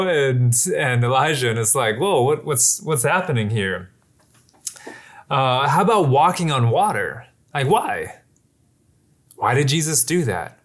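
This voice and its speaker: Male pastor, unhurried sermon delivery, relaxed and chatty, middle pitch. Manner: casual, conversational preaching with many fillers.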